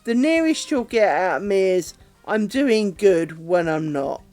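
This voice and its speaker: A British woman streams herself doing craft work, rambling candidly in casual chat with a self-deprecating streak and the occasional swear word. Her medium-pitched voice is expressive, a little slow and a little mellow, with faint music behind her on the streaming mic.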